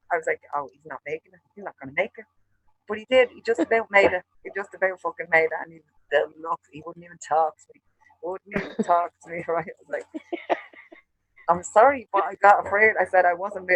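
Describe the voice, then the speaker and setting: A man with an Irish accent, co-hosting a show and telling a long story, animated and full of swearing. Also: high voice, fast, no room sound, low-quality recording. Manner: profane, animated storyteller acting out quarrels. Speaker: show co-host. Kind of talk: casual storytelling chat.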